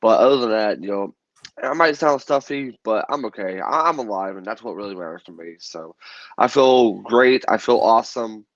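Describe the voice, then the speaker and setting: A man's voice: on the low side, fairly quick, dry recording, muffled recording. A man co-hosting a sports talk podcast, still stuffy from a cold, chatting in an easygoing, upbeat way. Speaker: podcast co-host. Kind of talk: casual chat.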